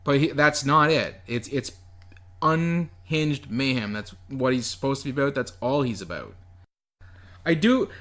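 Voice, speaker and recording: A man's voice: mid-range voice, fairly bright tone. A man co-hosting a podcast, discussing a movie casually and often restarting his sentences. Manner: hesitant, repeats words. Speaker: podcast co-host.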